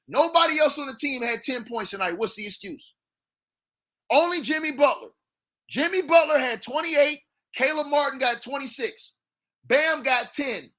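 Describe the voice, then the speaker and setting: Loud, repetitive trash talk pours out of a high-pitched male livestream commentator, who keeps the sports chatter fully hyped.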